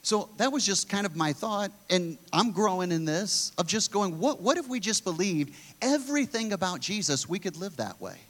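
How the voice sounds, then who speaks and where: A man's voice: high voice, very animated, moderate pace, few pauses, fairly bright tone. A man preaching a conversational sermon in an earnest way, often restarting his sentences as he thinks aloud.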